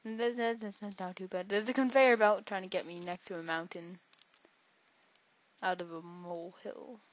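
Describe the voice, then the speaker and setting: Gameplay commentator: woman, average pitch, chatty, self-interrupting humor, muffled low-fi audio. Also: steady tone, moderate pace, dry recording. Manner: rambling, jokey, talks to herself. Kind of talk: casual let's-play commentary. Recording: dull lo-fi recording.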